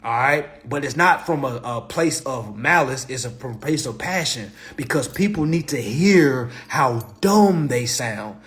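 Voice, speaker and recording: A man hosting a livestream in a blunt, profane, passionate rant, repeating himself and swinging between loud and low. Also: expressive, unhurried, few pauses. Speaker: livestream host.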